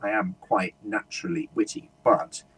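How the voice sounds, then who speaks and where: A man's voice: on the low side, normal speed, fairly bright tone, husky. A man being interviewed as a guest speaker, telling stories animatedly and acting out little quoted asides. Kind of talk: conversational interview.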